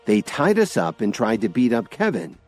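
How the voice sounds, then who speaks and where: A man's voice: lowish voice, huge pitch swings, moderate pace, darkish tone, faint music behind, pitched above the performer's own voice. A man voicing an exasperated young woman pleading with her father. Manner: pleading, insistent.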